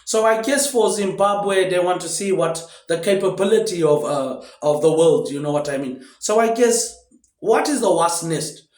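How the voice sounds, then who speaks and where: High-voiced man rambling, "mate, eh". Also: moderate pace, darkish tone. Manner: tags nearly every phrase with "mate, eh"; drifting, loosely connected thoughts. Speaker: vlogger. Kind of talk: rambling casual monologue. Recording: roomy echo.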